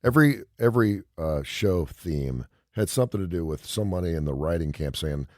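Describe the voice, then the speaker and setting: Deep-voiced male radio host. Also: animated, fairly quick, no echo, studio quality. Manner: rambling storyteller, retells scenes with quoted lines. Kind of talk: casual radio chat.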